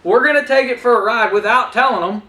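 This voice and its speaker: A man's voice: very high-pitched, fast talker, echoey room. A man teaching salespeople, talking energetically to trainees and acting out what he says to customers. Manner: energetic, talks straight to trainees, role-plays customer lines. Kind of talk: instructional talk with acted-out dialogue.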